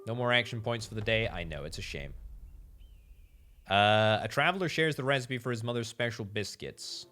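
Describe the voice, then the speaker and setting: Lively, bright-voiced man playing a game. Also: fairly low pitch, moderate pace, faint music behind. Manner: chatty, musing aloud, repeats words for emphasis. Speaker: game streamer. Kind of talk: gameplay commentary.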